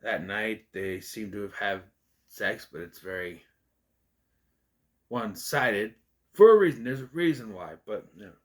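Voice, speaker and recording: This young man's casual movie review is delivered in a lowish voice, a little slow and with frequent pauses. He rambles, stays animated, and keeps correcting himself mid-sentence.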